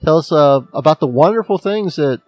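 A man's voice: a little high, lively intonation, brisk, darkish tone, no echo, soft background music. A man with a Midwestern accent co-hosting a podcast in casual, joking chat, laughing often. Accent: American Midwestern. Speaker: podcast co-host.

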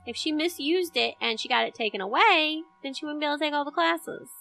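Woman cohost chatting away, giggly, bright highish voice. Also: fast talker, gravelly, slight background noise. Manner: chatty, laughs easily. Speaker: podcast co-host. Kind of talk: casual chat.

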